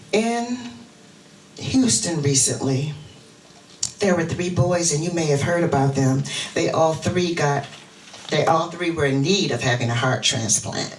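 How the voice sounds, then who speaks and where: A woman's voice: sits low, measured pace, a little hiss or hum. A woman minister giving an interactive sermon, leading the congregation in chants. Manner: animated, leads the congregation in call-and-response chants. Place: church sanctuary. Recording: roomy church sound from a distant mic, music behind. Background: music.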